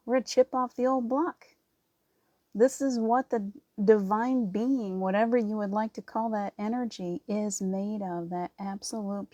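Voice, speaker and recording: A middle-aged woman hosting a livestream spiritual talk, earnest and quick to laugh, often restarting her sentences. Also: medium pitch, warm tone, no echo. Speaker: spiritual host.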